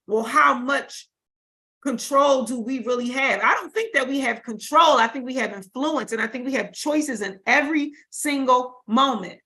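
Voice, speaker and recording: A woman's voice: sits high, pushed and bright. A woman giving an informal spiritual teaching on a livestream, talking casually and emphatically, repeating phrases for stress. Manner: casual vernacular speech.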